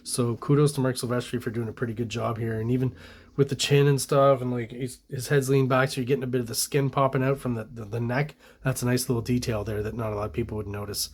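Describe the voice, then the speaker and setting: Canadian man in relaxed, rambling art commentary. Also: mid-range voice, fast talker. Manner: relaxed, rambling, many fillers. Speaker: comic artist reviewing comic art.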